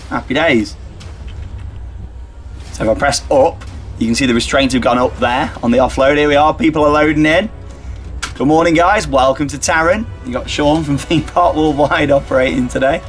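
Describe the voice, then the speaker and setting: A man giving casual, upbeat gameplay commentary as he operates a ride simulator, talking himself through each step. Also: mid-range voice. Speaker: theme park YouTuber playing a ride simulator.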